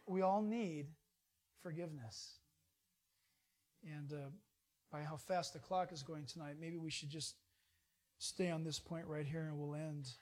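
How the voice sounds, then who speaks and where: A man preaching an informal sermon in a folksy, jokey way, swinging from loud bursts to hushed asides. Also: fairly high pitch, fairly even intonation, measured pace, long pauses.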